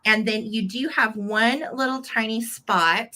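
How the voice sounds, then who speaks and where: Bright, gushing American woman seller. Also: fairly high pitch, a little slow. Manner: bubbly, gushing, counts down bids. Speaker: live-sale host. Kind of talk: live online auction selling.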